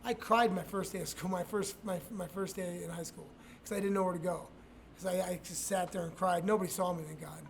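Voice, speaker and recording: A man's voice: high-pitched, fairly even intonation, fairly quick, vocal fry, a little hiss or hum. A middle-aged man, a retired fighter, telling profane, rambling stories in a casual interview, with many restarts and laughs.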